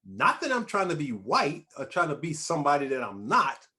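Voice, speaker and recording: A talk show host interviews a guest conversationally, his voice a little high and fairly quick. He speaks emphatically and with animation, repeatedly restarting his phrases.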